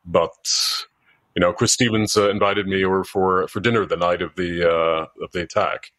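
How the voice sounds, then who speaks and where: A man answering interview questions in a measured, thoughtful way, pausing often with "uh". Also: deep voice, steady tone, fairly bright tone, no room sound. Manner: measured, thoughtful, with frequent hesitations. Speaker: guest, former diplomat and author.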